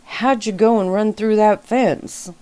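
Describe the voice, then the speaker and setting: A woman's voice: mid-range voice, fairly even intonation, unhurried, darkish tone, smooth, pitched above the performer's own voice, natural voice. A woman voicing a folksy older human man in a storybook reading. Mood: curious.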